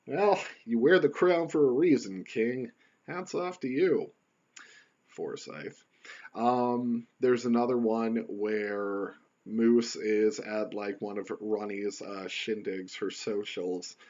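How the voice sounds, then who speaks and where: A man's voice: lowish voice, slow pace, a little mellow, lo-fi sound. A man hosting a casual solo podcast from his computer at home, rambling in a wry, joking way. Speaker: podcast host.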